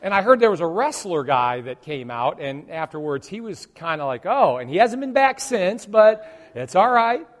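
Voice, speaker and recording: A pastor with a high voice preaches with animated storytelling and acts out his groans. His voice rings with a long reverb in a church hall. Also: moderate pace. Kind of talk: sermon.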